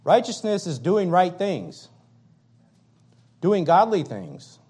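A pastor preaching a fiery sermon, emphatic and repetitive, swinging between loud declarations and quiet, low passages. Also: male voice, sing-song, takes it slowly, slightly rough.

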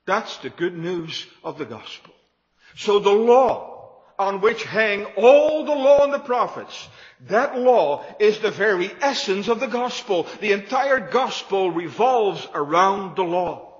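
A man's voice: high voice, animated, a little slow, in a large hall, muffled recording. A man preaching a sermon to his congregation, emphatic and repetitive, building his points with rising emphasis. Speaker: pastor.

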